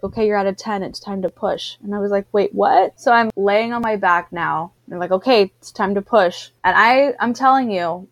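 Brief: woman storyteller, lively, quotes others, dry close mic. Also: medium pitch, no echo. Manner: animated storyteller, acts out what others said. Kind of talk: casual chat, personal birth story.

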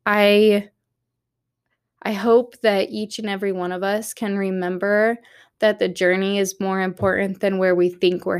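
A woman hosting a podcast, talking candidly and upbeat, encouraging her listeners from her office at night. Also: medium pitch. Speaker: podcast host. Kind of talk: motivational solo podcast talk.

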